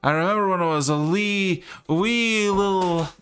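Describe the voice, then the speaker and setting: A man voicing a short, gruff old hag who keeps a tavern and drifts into wistful memories. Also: sits high, a little slow, a bit bright, soft background music, voice pushed up. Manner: gruff, folksy, drifting into reminiscence.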